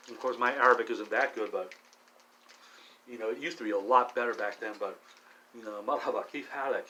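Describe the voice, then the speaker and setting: Rambling, profane man talking while high. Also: fairly quick, bright, forceful tone, dull audio, slight background noise. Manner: meandering, profane, restless restarts. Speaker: vlogger. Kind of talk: rambling solo monologue.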